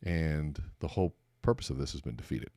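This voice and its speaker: Deep-voiced man, animated motivational talk. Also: a little fast, no room sound, studio quality. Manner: animated storytelling, acts out dialogue in a raised voice. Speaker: podcast host and speaker coach.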